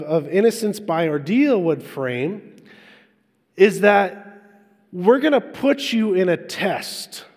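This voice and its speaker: Guy preaching, kinda high voice, chatty, asks the crowd stuff, big echoey hall. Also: darkish tone. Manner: conversational, asks the congregation questions. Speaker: pastor. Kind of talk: sermon.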